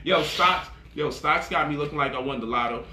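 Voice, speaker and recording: A man's voice: fairly high pitch, a little fast, background noise. A man talking as a money vlogger in a casual, boastful monologue, swaggering and profane. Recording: roomy echo, voice off-mic.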